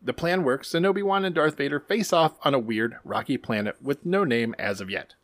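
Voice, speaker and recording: A man co-hosting a podcast, giving a casual, animated recap with wry asides and casual swearing. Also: medium pitch, a little fast, no room sound. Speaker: podcast co-host.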